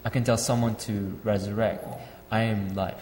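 A man's voice: lowish voice, level tone, moderate pace, darkish tone. A man interpreting a sermon phrase by phrase, with fillers and restarts as he translates on the spot. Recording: echoey hall with faint ambience.

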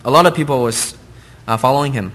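A man's voice: medium pitch, fast, a bit bright. A man interpreting a sermon into English line by line, earnest, with hesitant fillers and non-native grammar.

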